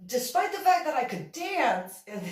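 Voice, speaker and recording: A woman's voice: high-pitched, normal speed. A woman telling a story from her own life in a casual monologue, turning stern and scolding when she quotes herself. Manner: animated, stern scolding when quoting herself, laughs often. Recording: roomy echo, distant from mic.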